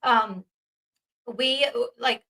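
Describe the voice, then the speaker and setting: A woman's voice: a little high, extremely slow, bright, forceful tone, low-quality recording. A woman from the South, hosting a casual commentary video, chatty and emphatic, swearing freely. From American South. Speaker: commentary channel host.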